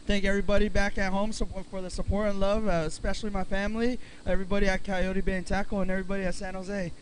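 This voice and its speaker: A halting man with a high voice talks about his fishing day, stumbling over fillers. Faint outdoor ambience sits behind him. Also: little pitch movement, a little hiss or hum, low-quality recording. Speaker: pro angler.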